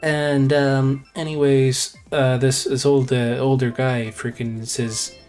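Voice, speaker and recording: A man chatting on a game stream, at an ordinary pitch for a man. He rambles through a story with many fillers and restarts. Faint music plays in the background. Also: flat delivery, slow, darkish tone. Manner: rambling, filler-heavy, repeats "I said". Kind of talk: casual storytelling chat.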